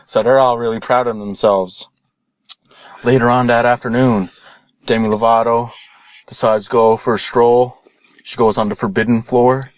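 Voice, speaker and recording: A young man telling a rambling, deadpan comic parody story. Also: mid-range voice, normal speed, long pauses, dry recording.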